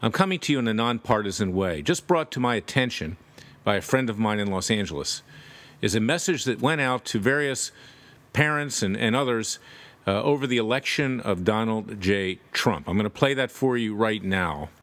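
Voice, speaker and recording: Low-voiced man giving indignant commentary. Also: expressive, moderate pace, fairly bright tone. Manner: emphatic, indignant. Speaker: political commentator. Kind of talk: direct-to-camera political commentary.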